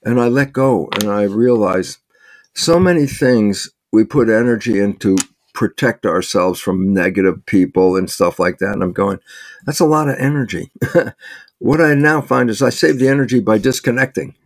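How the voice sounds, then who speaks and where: An older man, a guest in an interview, explaining ideas in a lively storytelling way, acting out little dialogues and chuckling often. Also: lowish voice, normal speed. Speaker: interview guest, biologist and author. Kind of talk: conversational explaining.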